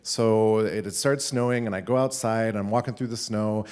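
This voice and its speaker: A man, a teacher, telling a funny personal story live at a school event, animated and laughing between lines. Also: lowish voice, moderate pace, clean tone. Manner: animated, laughing, with many "like" fillers.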